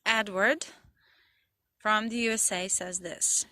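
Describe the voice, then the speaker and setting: A woman's voice: medium pitch, fairly even intonation, slow, pauses often, pushed and bright. A young woman, a Slovene English teacher, reading textbook passages aloud and going over the answers with her pupils. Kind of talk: recorded lesson for pupils.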